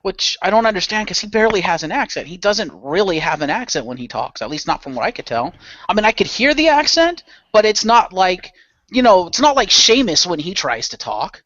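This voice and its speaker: A man's voice: high voice, big pitch swings, fairly quick, sharp tone, dry recording. A man chatting on a podcast panel, giving opinionated rants and swearing freely. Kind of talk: casual podcast chat. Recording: dull lo-fi dry sound.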